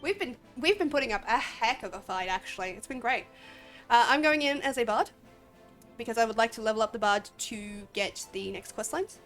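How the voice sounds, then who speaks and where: Streaming a game, a woman with an Australian accent keeps up loose commentary in a fairly high, expressive voice that's brisk and a bit bright. She's sniffly and somewhat sleepy, wandering off-topic and laughing a lot while soft game music runs in the background.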